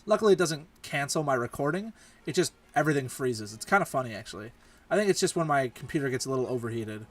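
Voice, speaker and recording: Lively young-sounding gaming host. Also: male voice, mid-range voice, fast talker. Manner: chatty, thinking aloud. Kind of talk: let's play commentary. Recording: distant mic with faint game music. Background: game music.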